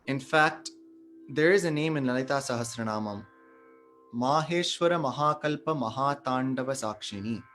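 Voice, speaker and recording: A man giving a devotional satsang talk, retelling a sacred story in a measured, explanatory way and stressing the holy names. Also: medium pitch, fairly bright tone, soft background music. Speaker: satsang speaker.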